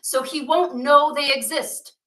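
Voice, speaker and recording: A woman doing an excited god, bright and insistent. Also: high voice, measured pace, echoey room, far from the mic, poor audio. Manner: eager, insistent, earnest. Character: excited, self-assured male Hindu god.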